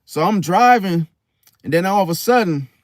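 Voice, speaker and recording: Man, animated slangy storyteller, high voice, dry close sound. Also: moderate pace, no echo. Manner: animated, slangy, acts out quotes. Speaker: podcast host.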